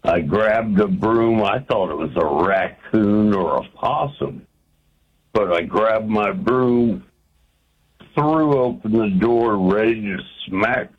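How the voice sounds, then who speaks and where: A male caller speaks to a radio host over a dull, lo-fi phone line. His low, husky voice moves very slowly, plainspoken and unhurried. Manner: slow, plainspoken storyteller. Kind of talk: phone call to a radio show.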